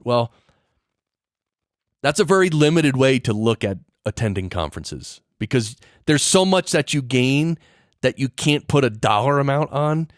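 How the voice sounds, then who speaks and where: A man's voice: mid-range voice, expressive, unhurried, dry recording, studio quality. A man hosting a podcast, explaining things in a casual, chatty way with lots of fillers and restarts. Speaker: podcast host. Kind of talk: casual solo podcast talk.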